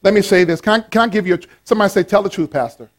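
A pastor preaching a playful, animated sermon with call-and-response to his congregation. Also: sits high, racing.

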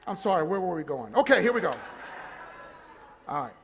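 A male pastor preaching a sermon, acting out prayers and shouting in bursts. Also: sits high, fairly quick, a faint crowd. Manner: animated, shouting and acting out quotes.

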